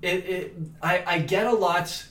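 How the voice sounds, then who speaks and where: This young guest actor, a native French speaker, has a high, a bit bright voice with fairly even intonation, talking a little slowly. Recorded far from the mic with roomy echo, his casual interview chat rambles, full of stammered restarts and frequent "like"s.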